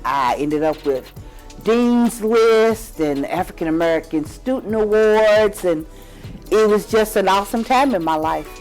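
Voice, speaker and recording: An older woman, chatting with her granddaughter and telling family stories with animated, acted-out voices. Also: medium pitch, a little slow, soft background music. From Kentucky. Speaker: grandmother of the host. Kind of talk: casual storytelling chat.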